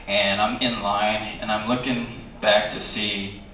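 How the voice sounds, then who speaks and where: A man telling a chatty, animated anecdote as a panel guest at a convention, recorded from far off in a large hall. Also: takes it slowly, a little hiss or hum. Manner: animated, chatty, with many fillers and lively jumps in pitch. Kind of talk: storytelling anecdote to an audience. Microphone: recorded from the audience, far from the speaker. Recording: echoey hall, distant audience recording.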